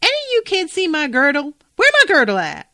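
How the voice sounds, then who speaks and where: A woman voicing a gruff old great-uncle whose voice has turned high and squeaky, talking brash and bewildered. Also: huge pitch swings, fairly quick, pushed and bright, no room sound, clean studio sound, exaggerated voice. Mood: indignant.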